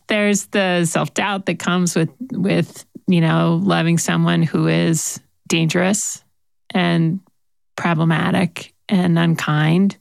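A woman's voice: fairly low pitch, steady tone, takes it slowly, gravelly, no echo, studio quality. A woman interviewing a guest, thoughtful and empathetic as she reflects on what the guest shares. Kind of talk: conversational interview.

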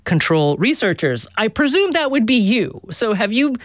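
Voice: mid-range voice, very animated, normal speed, no echo, clean studio sound. A radio show host interviewing a guest in a conversational, probing manner.

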